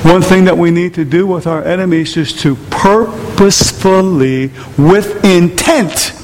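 A male pastor with a very high-pitched voice preaches with emphasis and throws questions at his congregation. His voice rings with the long reverb of a church hall. A faint hum of noise sits under the recording. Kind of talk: sermon.

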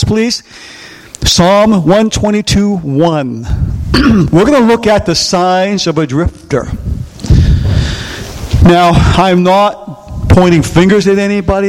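High-voiced emphatic male pastor preaching. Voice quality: emphatic, asks the congregation questions and repeats key lines. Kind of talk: sermon.

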